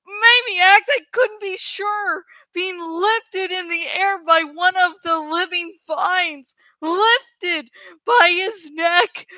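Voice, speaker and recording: A woman's voice: very high voice, bright, forceful tone, no echo, poor audio. A woman reading a novel aloud with dramatic, emphatic narration. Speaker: audiobook reader.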